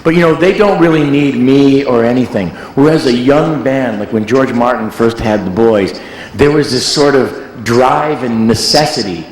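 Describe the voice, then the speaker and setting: A man's voice: mid-range voice, moderate pace, slight background noise. A man who is a music producer, telling rambling, joking stories in a casual interview. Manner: rambling, animated storyteller, joking. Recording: echoey hall.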